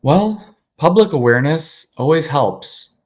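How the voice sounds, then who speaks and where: A man who is an attorney, speaking as an interview guest, candid and animated with frequent fillers. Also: fairly high pitch, unhurried.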